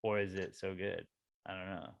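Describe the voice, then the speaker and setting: A man co-hosting a podcast in casual chat, playful and swinging from loud outbursts to mumbled asides. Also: low-pitched, fairly even intonation, normal speed, gravelly, no room sound, clean studio sound. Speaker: podcast co-host. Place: podcast studio.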